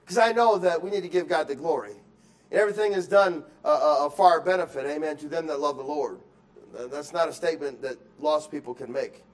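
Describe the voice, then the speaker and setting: A man preaching a sermon in a high voice. He drifts between soft, reflective stretches and loud, insistent exhortation, and he repeats words and restarts as he goes. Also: brisk. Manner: swings from quiet musing to loud emphatic exhortation; acts out excuses in quoted voices. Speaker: pastor.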